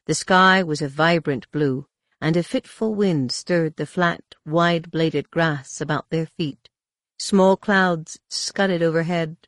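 A narrator giving a steady, even reading of an audiobook. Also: mid-range voice, no echo, clean studio sound. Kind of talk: scripted narration.

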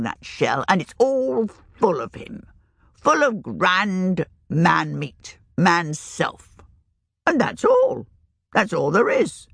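A woman voicing a shrewd, earthy old village witch who talks in a rustic, old-fashioned country way, her pitch raised and wavering. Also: vocal fry, fairly bright tone, dry recording, clean studio sound, heavily acted. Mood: confiding. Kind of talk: audiobook reading.

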